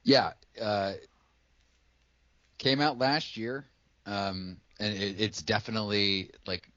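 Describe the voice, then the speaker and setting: A man's voice: lowish voice, steady tone, slow pace, sharp tone, no room sound, muffled recording. A man from Massachusetts co-hosting a podcast, chatting about a movie in a profane, jokey way. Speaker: podcast co-host. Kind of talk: casual movie chat.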